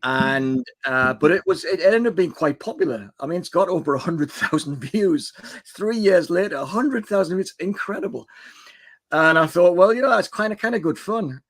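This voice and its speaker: A man in his sixties, retired, with a somewhat high voice. He chats with easy enthusiasm, rambling a little as he tells how he got started. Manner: chatty, enthusiastic, loose storytelling. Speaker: guest. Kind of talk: casual chat on a live stream.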